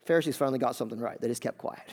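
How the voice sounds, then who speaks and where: A man's voice: medium pitch, racing, darkish tone. A man preaching a sermon in a church, talking conversationally and often asking the congregation questions. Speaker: pastor.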